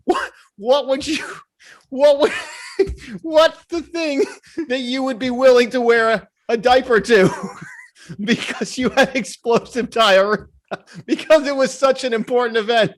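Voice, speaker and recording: A man's voice: extremely high pitch, a little slow, fairly bright tone. A man co-hosting a casual podcast, telling rambling, jokey stories. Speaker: podcast co-host. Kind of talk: casual chat.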